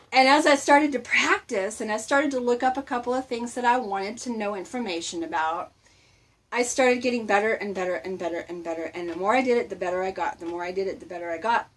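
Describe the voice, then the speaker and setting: A woman hosting a casual motivational talk, chatty and laughing often as she speaks to her viewers. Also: on the high side. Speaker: host.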